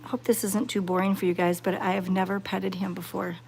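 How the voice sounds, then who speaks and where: A woman chatting to her viewers while petting cats, excited and fond, cooing softly to the animals. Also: medium pitch, brisk, creaky, slight background noise. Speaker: cat sanctuary vlogger.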